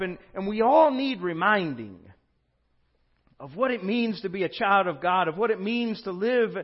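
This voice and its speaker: Slightly high-voiced male pastor preaching. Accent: Southern American. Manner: reads out quoted texts, voice drops soft and slow for tender lines. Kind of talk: sermon. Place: church sanctuary. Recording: dull lo-fi church recording.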